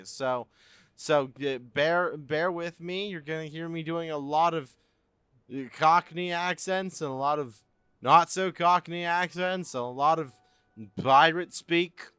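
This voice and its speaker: A man hosts a game livestream, chatting excitedly and casually with his viewers and swearing here and there. His voice sits at a middle pitch, and soft music plays behind him. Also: unhurried, clean tone, dry recording. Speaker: game streamer. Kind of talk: casual gaming livestream chat.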